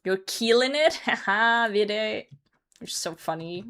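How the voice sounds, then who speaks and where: A woman's voice: mid-range voice, expressive, slow pace, a bit bright, clear, resonant tone. A young woman streamer chatting casually with her chat while gaming, laughing often and swearing now and then. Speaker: live streamer.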